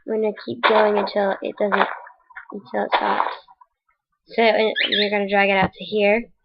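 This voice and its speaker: A woman's voice: mid-range voice, level tone, normal speed, creaky, heavy background noise. A woman casually narrating a game building tutorial in voice-over, rambling and correcting herself as she goes, with the hiccups. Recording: dull lo-fi mic.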